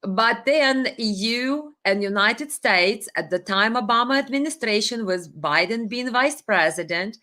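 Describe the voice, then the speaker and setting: A woman's voice: fairly high pitch, animated, unhurried, few pauses, pushed and bright. A woman hosting a live stream, reading viewer comments and giving opinionated, sarcastic commentary with many fillers.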